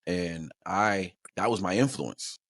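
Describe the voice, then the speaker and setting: A man's voice: low voice, slow, fairly bright tone, no room sound, clean studio sound. A man, a guest telling stories in a loose, rambling way, often repeating words as he talks. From Long Island, New York. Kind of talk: casual conversation.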